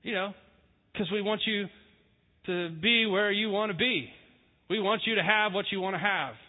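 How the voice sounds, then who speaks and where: A man's voice: high voice, moderate pace. A young male pastor preaching a conversational sermon, with a joking, easygoing manner. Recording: tinny phone-like sound with long reverb.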